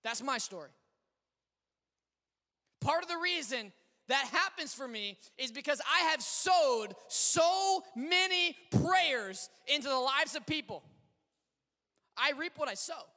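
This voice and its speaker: A pastor with a high, bright voice preaches a sermon in a church sanctuary, with long hall reverb on the recording. He speaks slowly and pauses often, telling stories animatedly and swinging between shouting and quiet asides.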